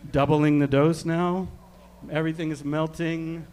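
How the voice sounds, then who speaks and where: A man from Canada, working as a stage hypnotist, giving slow, soothing suggestions and chuckling between them. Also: fairly high pitch, little pitch movement, a little mellow, slight background noise. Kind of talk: live hypnosis demonstration.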